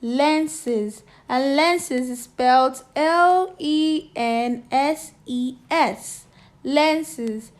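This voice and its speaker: A woman's voice: sits high, drawn-out words. A woman teacher with a Nigerian accent, reading a story aloud to children and spelling words out letter by letter.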